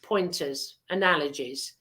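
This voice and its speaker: A woman's voice: sits low, unhurried, bright, forceful tone. A woman hosting a podcast, chatting and telling a story in a rambling, teasing way with many fillers. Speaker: podcast host. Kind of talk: casual chat and storytelling.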